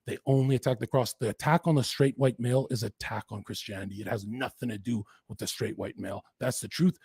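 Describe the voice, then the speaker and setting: A man from western Canada, a podcast guest, telling his story in an intense, profane, rapid-fire way. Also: mid-range voice, steady tone, gravelly, darkish tone, slightly rough, no room sound. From Lower Mainland, Canada. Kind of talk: candid storytelling in an interview.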